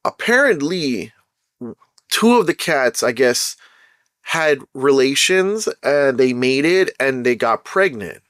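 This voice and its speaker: A man's voice: medium pitch, takes it slowly, no echo, studio quality. A man hosting his own show, telling a personal story in a casual, slangy way and checking in with the listener often. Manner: slangy and animated, keeps saying "bro" and "right?".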